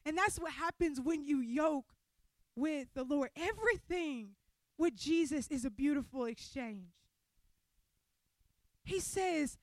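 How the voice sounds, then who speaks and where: High-voiced woman preaching animatedly. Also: slow, pauses often, no echo. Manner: animated, conversational preaching with laughter. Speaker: speaker at a women's church event. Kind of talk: sermon.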